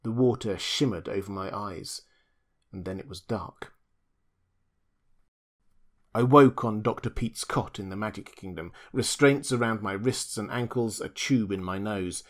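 A man narrating a first-person audiobook in a measured, reflective reading. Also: lowish voice.

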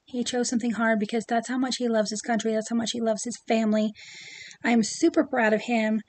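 A woman's voice: on the high side, level tone, fairly quick, darkish tone. A middle-aged woman chatting casually to camera about her pin collection, with many ums and asides.

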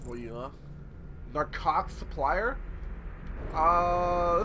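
A man giving loud, profane let's play commentary, mocking the characters and acting out their lines. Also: high voice, very animated, extremely slow, long pauses, slight background noise. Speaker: gameplay commentator. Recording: voice over game audio.

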